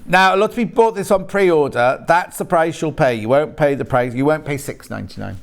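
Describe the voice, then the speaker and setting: A man's voice: a little high, brisk, gravelly. A man presenting on a live shopping channel, reading out fabric prices in a chatty, jokey sales patter and bantering with the crew off camera.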